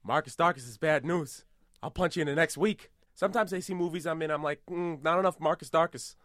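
Brief: man playing a boastful tough-guy celebrity, rambling and absurd, fairly high voice, dry close mic. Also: a little fast, no room sound, natural voice. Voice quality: rambling, self-aggrandizing, deadpan absurd. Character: boastful tough-guy movie star impression, male adult. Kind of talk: improvised comedy podcast.

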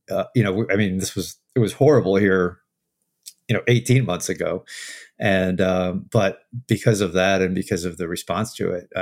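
A man answering as a podcast guest, telling stories in a hesitant way with many fillers and restarts. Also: deep voice. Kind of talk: casual interview chat.

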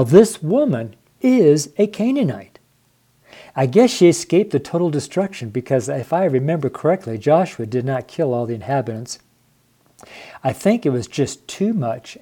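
Earnest man reading scripture, mellow voice. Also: mid-range voice. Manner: earnest, emotional, unedited and rambling. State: tearful. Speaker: podcast host, trucker. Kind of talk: devotional podcast with Bible reading.

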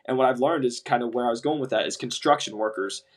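A young man in casual podcast chat with a medium-pitched voice, recounting work stories with energy. He slips into quoted voices and swears freely along the way. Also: quick pace. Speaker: medical device sales rep, podcast co-host.

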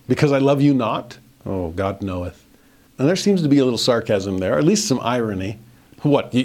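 A man's voice: mid-range voice, darkish tone. A middle-aged man teaching a verse-by-verse Bible lesson, reading verses aloud and commenting in a conversational way with dry humor. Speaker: scripture teacher.

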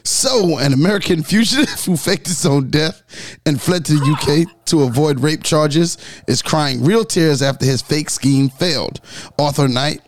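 A man hosting a podcast, reading news stories in a lively, joking way. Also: fairly high pitch, normal speed. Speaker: podcast host. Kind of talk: casual podcast news chat.

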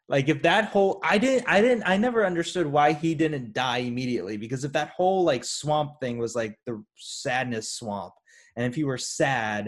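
A man co-hosting a casual chat about a movie, animated and rambling with lots of fillers and restarts. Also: medium pitch. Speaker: podcast co-host.

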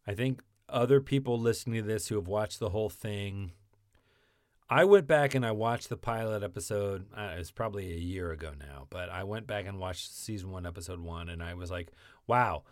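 A man in a relaxed podcast chat about actors and TV shows, rambling and animated with lots of restarts. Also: fairly low pitch, brisk, dry recording, studio quality.

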